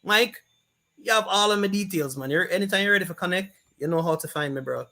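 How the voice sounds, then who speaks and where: A man's voice: high voice, fast talker, sharp tone. A man with a Jamaican accent hosting a casual live stream, reading viewer comments aloud and greeting people by name.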